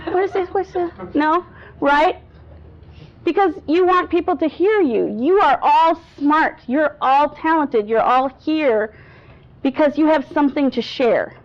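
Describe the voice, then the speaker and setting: High-voiced woman coaching a live audience. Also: a little slow. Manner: lively, demonstrates voice examples, laughs often. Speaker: speaking coach. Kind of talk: workshop talk to an audience. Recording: dull lo-fi sound.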